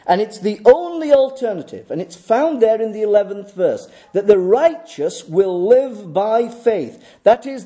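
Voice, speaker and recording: A male preacher delivers a sermon with a high, lively voice that rises and falls widely. His tone is mellow, and he drives points home by repeating phrases and asking rhetorical questions.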